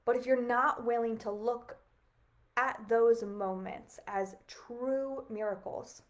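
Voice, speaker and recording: A woman's voice: medium pitch, a little mellow. A woman, hosting a reflective spiritual livestream, talking earnestly in a musing, casual way full of "like" and small laughs. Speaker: livestream host.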